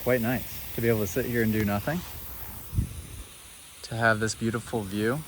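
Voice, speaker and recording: A man with a fairly low voice chats casually to the camera in a relaxed, musing tone. He speaks outdoors in his backyard, with faint background noise behind him. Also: normal speed, poor audio. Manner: coaching calls to a child rider; hushed, almost whispering. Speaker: vlogger and motocross coach. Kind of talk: casual vlog talk.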